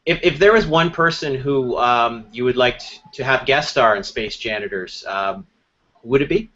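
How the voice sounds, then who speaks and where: Halting male host on a video call. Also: medium pitch, pushed and bright. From Canada. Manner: halting, repeats words. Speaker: interviewer, web show host. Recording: dull lo-fi call audio.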